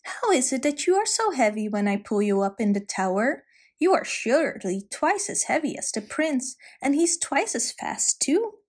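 A woman's voice: sits high, very animated, normal speed, darkish tone. Woman doing naive young Rapunzel.

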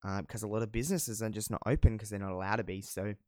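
Laid-back Australian man, low smooth voice. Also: fairly even intonation, rapid-fire, darkish tone, no echo, clean studio sound. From South Australia. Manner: rambling and candid, with casual swearing and slang. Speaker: podcast host. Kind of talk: casual solo podcast chat.

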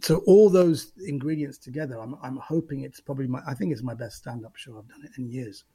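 A man, a stand-up comedian, talks casually in an interview. His voice is gravelly and husky. He thinks aloud and often repeats a word before going on. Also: medium pitch, brisk, dark tone. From Central London. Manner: thoughtful, repeats words while gathering thoughts.

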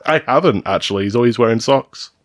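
A man's voice: medium pitch, fast, no room sound, clean studio sound. A man co-hosting a podcast, reading out stories in a casual, jokey way and swearing freely. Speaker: podcast co-host narrating stories.

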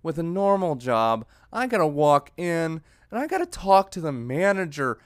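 A man's voice: a little high, big pitch swings, moderate pace, dry recording, clean studio sound. A young man hosting a podcast, ranting in a comedic monologue, profane and sarcastic with an exasperated edge. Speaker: podcast host.

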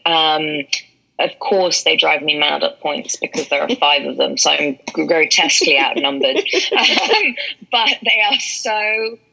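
Candid London actress, husky and bright. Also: female voice, low voice. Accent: London English. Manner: candid, emphatic, laughs often. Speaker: actress and mentor. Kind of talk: casual interview talk. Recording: dull lo-fi audio.

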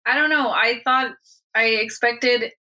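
A young woman with a slightly husky, breathy voice co-hosting a casual podcast. She talks in a laid-back way, laughs easily and drops the odd swear word. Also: a little high, unhurried, pushed and bright, low-quality recording. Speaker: podcast co-host. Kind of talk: casual chat.

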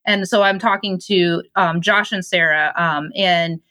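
A woman from Michigan, a podcast guest and publishing co-owner, telling stories in a lively, animated way. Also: on the low side, measured pace, no room sound. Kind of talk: casual conversation.

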